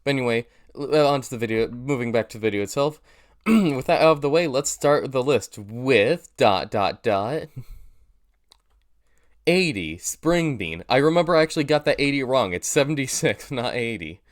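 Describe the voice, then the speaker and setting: A man's voice: mid-range voice, lively intonation, fairly quick. Nasal young man rambling casually. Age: young adult. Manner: rambling, self-deprecating, many fillers and restarts. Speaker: YouTuber reacting to his old video. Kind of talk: casual reaction commentary.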